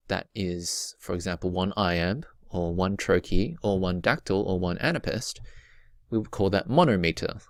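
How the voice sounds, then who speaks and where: Man, very low voice, dry close sound, patient teacher, repeats key points. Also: no room sound. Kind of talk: recorded slideshow lesson.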